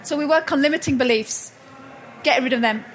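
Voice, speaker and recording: A woman's voice: sits high, brisk, a little hiss or hum. A woman giving a motivational talk at a live event, telling stories and often restarting her sentences. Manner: warm storytelling, frequent restarts and self-corrections. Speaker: speaker at a personal growth expo. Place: event hall with audience.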